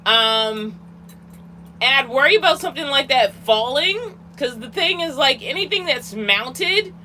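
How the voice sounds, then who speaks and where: A woman's voice: sits high, animated, a little slow, sharp tone, a little hiss or hum, low-quality recording. A woman chatting casually on a livestream, giggly and talking to her cat, from inside her van. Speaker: vlogger hosting a livestream.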